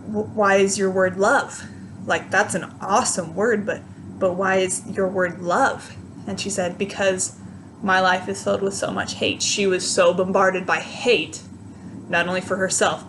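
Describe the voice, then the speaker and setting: A woman's voice: medium pitch, a bit bright, a little hiss or hum. Earnest woman giving a motivational talk. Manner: earnest, encouraging, emphatic. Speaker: motherhood coach.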